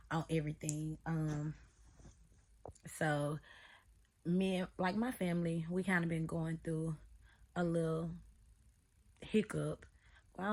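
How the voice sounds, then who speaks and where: A young woman telling a casual story time to her viewers, slightly out of breath and rambling, with hesitant pauses and then sudden loud, emphatic stretches. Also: low-pitched, creaky. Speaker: vlogger.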